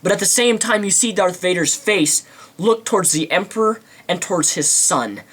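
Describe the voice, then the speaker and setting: A man's voice: high voice, expressive, moderate pace, fairly bright tone, slightly rough. A man giving a ranting movie commentary, indignant and mocking, with theatrical flourishes. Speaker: video commentator.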